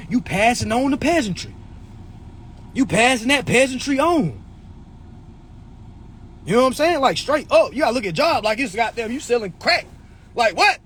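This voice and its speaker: High-pitched young man, lively swooping delivery, blunt, preachy, swears a lot. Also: normal speed, breathy edge. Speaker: livestream host. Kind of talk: profane motivational talk.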